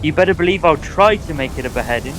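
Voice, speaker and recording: A man's voice: on the high side, expressive, quick pace, a bit bright, slight background noise, low-quality recording. A man co-hosting a game stream, making wry jokes. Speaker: stream co-host. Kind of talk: casual gameplay chat.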